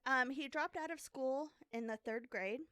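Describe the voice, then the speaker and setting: A woman's voice: high voice, a little slow, bright, forceful tone, clear, resonant tone, no room sound, studio quality. A woman co-hosting a podcast, casually telling a true crime story with lots of fillers and self-deprecating asides. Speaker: podcast co-host.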